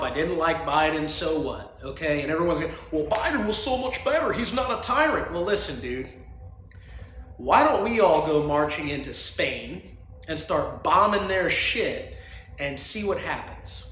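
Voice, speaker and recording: A man's voice: on the high side, sharp tone, roomy sound, slight background noise. A man hosting a solo podcast, talking in a rambling, crude and opinionated way and laughing often. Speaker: podcast host.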